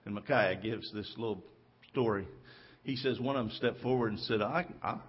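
Man, pastor, sermon, husky, fairly high, storytelling with character voices, lo-fi church recording. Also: moderate pace. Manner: storytelling, acting out the characters' lines. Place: church sanctuary.

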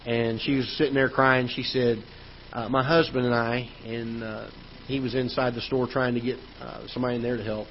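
A man, a pastor, preaching a sermon in a church auditorium, telling a personal story in a conversational way, growing loud at the frustrating parts. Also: mid-range voice, level tone, a little fast. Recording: dull church livestream audio with faint noise.

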